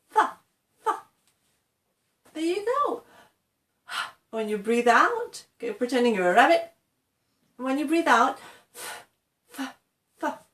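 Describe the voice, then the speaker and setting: A woman's voice: sits high, roomy sound. A woman from England teaching English pronunciation in an encouraging tutorial, often checking in with "okay" and demonstrating sounds.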